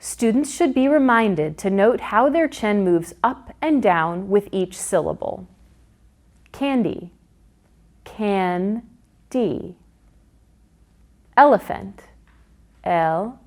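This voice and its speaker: Woman, instructional narration, slow and deliberate, animated pitch, sounds out syllables clearly. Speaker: teacher trainer.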